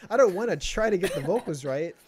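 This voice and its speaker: A man's voice: sits high, lively intonation, fast talker, a crowd in the background. A young man from Texas hosting a casual podcast chat, rambling with lots of fillers and restarts. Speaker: podcast host.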